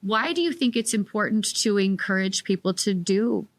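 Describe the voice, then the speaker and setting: A woman hosting a podcast interview, asking her questions in a measured, unhurried way. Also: mid-range voice, dry recording. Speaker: podcast host.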